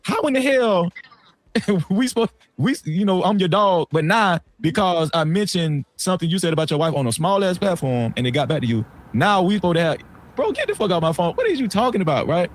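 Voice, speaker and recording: A man hosting a livestream, telling a story in casual, slangy talk that swings between low asides and loud outbursts. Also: sing-song, a little fast. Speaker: livestream host.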